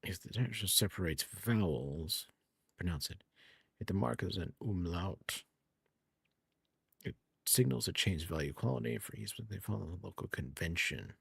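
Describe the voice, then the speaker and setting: A man's voice: low voice, animated, moderate pace, creaky, long pauses, fairly bright tone, breathy edge, no room sound. A man streaming a game, musing aloud in a rambling way and correcting himself as he goes. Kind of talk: casual gameplay streaming. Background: faint game music.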